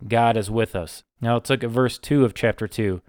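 Man, preacher, sermon, smooth resonant voice, dry close sound, slow repeated phrases. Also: mid-range voice, a little mellow, no echo. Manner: slow, emphatic repetition of short phrases.

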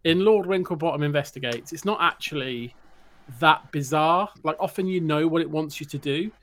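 A man's voice: a little high, moderate pace, fairly bright tone. A man co-hosting a podcast and reviewing a game, explaining in long rambling runs with restarts and laughter. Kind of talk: casual chat.

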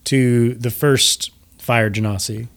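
A man serves as game master in a tabletop game, narrating the action in a middle-pitched voice. He describes what the characters do, with small restarts along the way. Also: fairly even intonation, takes it slowly, gravelly, fairly bright tone.

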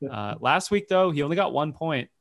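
A man's voice: a little high, expressive, gravelly, fairly bright tone. A man co-hosting a sports podcast in casual chat, rambling and correcting himself as he goes. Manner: rambling, self-correcting, quick to laugh. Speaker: podcast co-host.

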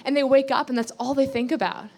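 A woman's voice: high voice, fairly even intonation, fast, darkish tone. A woman giving a sermon, reading scripture aloud and explaining it earnestly, repeating key phrases and asking rhetorical questions. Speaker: Bible teacher.

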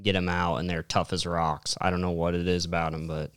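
A man's voice: low voice, little pitch movement, a little fast, noisy background. A man co-hosting a casual podcast, teasing and drawling as he tells stories. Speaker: podcast co-host. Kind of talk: casual chat.

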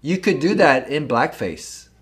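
Animated joking man. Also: fairly high pitch, unhurried. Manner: animated, jokey, puts on mock voices in quotes. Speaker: podcast co-host. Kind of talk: casual chat.

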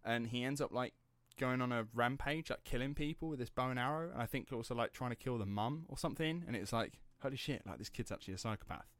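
A man's voice: mid-range voice, fast, a bit bright, dry recording, clean studio sound. A man hosting a casual true-crime podcast, rambling and laughing as he drifts off script. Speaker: podcast host.

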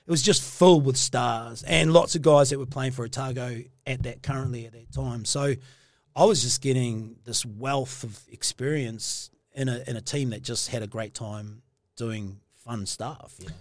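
A man talks through his rugby years in a casual interview, his voice sitting in an ordinary middle pitch. He rambles, stops and restarts, and leans on fillers. The sound is dry and close, with no room around it. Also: moderate pace, no room sound. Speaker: former rugby player, guest.

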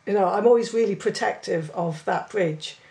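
Gravelly-voiced Cornish woman, chatty. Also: mid-range voice, normal speed. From Cornwall. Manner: chatty, animated storytelling. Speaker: writer. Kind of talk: casual podcast conversation.

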